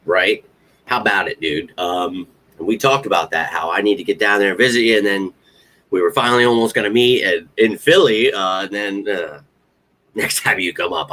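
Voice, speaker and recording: Rambling, heartfelt man with a low voice. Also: sharp tone. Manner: heartfelt, rambling, swears casually. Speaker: podcast host. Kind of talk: casual fan talk show.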